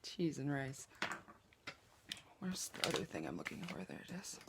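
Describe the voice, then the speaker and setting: A low, gravelly, slightly bright voice belongs to a Southeast Oklahoma beauty vlogger chatting through a casual makeup tutorial. She's self-joking and whispers as she puts products on, sitting at her home makeup table with the window open. A little hiss or hum runs through the audio.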